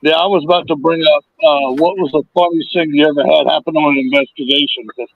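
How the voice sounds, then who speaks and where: A man co-hosting a podcast, telling anecdotes in a relaxed, chatty way. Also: fairly high pitch, fast talker, gravelly, narrow, tinny audio, slight background noise. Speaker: podcast co-host. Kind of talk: casual chat.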